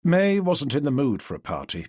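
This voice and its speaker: A man narrating an audiobook with expressive, measured storytelling. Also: medium pitch, dry recording, clean studio sound.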